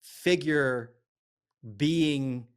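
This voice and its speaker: A middle-aged man on a podcast, telling a story in casual, profane, animated chat. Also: fairly high pitch, drawn-out words, clean tone. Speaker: podcast co-host.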